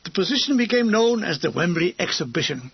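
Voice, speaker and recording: A man's voice: high voice, very animated, brisk, creaky, slightly rough, dry recording, lo-fi sound. A man narrating an audiobook memoir with dry, comic storytelling.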